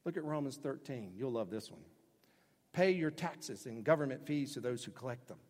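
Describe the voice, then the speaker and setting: Pastor, male, husky and a touch high, emphatic sermon delivery in a reverberant hall. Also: expressive, moderate pace. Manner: emphatic preaching with sudden loud acted-out quotes.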